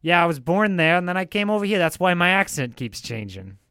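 A man's voice: high voice, very animated, a little fast, sharp tone, clear, resonant tone, dry recording, clean studio sound, pitched above the performer's own voice, heavily acted. A man voicing a touchy, evasive vlogger whose put-on accent keeps wavering. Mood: indignant. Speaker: comedy sketch character.

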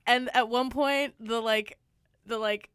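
A young woman co-hosts a radio show in casual, rambling chat, full of fillers and little laughs. Her voice sits a bit high and sounds close and dry. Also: fairly even intonation, normal speed, fairly bright tone, smooth, dry recording. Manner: giggly, rambling, lots of fillers.

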